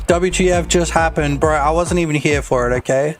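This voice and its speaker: Excitable swearing gamedev streamer guy. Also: a little high, brisk, few pauses, soft background music. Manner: excitable, swears a lot, laughs often. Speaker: game dev streamer. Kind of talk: casual live-stream chat.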